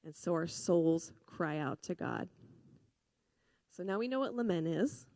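A woman giving a sermon in an earnest, conversational way, full of fillers and restarts, moving between hushed grief and lively emphasis. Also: on the low side, unhurried, creaky, no echo. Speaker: preacher.

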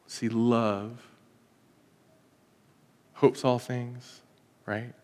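A man's voice: mid-range voice, flat delivery, drawn-out words, darkish tone, long reverb tail. A male pastor preaching in a conversational, joking way, acting out little everyday scenes. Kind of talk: sermon. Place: church.

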